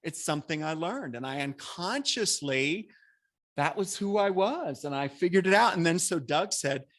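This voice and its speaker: A man with a fairly high voice that carries gives a spiritual talk at a spiritual center. He speaks to the congregation in a conversational, earnest way. Now and then he breaks into lively acted-out asides. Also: moderate pace. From American. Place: church hall.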